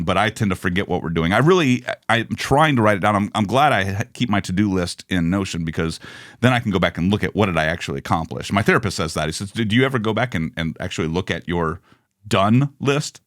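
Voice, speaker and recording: A man co-hosting a podcast in casual chat, an animated, rambling storyteller who restarts his sentences often. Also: on the low side, no room sound, studio quality. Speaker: podcast co-host.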